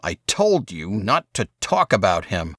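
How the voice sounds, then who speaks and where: A man voicing an angry, defiant young man in an audiobook, snapping back in heated, sharp retorts. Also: sits low, big pitch swings, measured pace, no room sound, studio quality, exaggerated voice.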